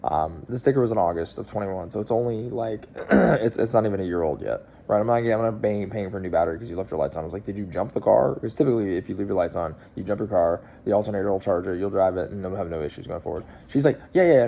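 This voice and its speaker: A man's voice: sits low, fast, creaky, few pauses, warm tone, slight background noise. A man in his thirties, a car dealer, telling a long story in a casual, rambling way with lots of fillers and restarts.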